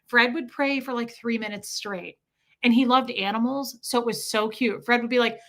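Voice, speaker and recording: Bright-voiced woman telling rambling stories. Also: on the high side. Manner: animated rambling storytelling, quick bursts. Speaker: livestream host answering viewer questions. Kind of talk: casual chat.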